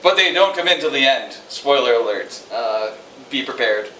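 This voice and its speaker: A man's voice: medium pitch, expressive, moderate pace, sharp tone, a little hiss or hum. Sarcastic man reviewing a movie, echoey room. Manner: rambling, sarcastic, many fillers. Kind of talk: casual movie review chat. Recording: echoey room, mic at a distance.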